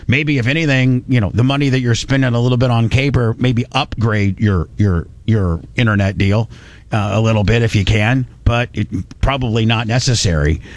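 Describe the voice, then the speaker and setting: A man's voice: lowish voice, no room sound. Rambling talk-radio host man, dry studio. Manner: rambling, joking, restarts and self-corrections. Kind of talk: casual talk radio chat.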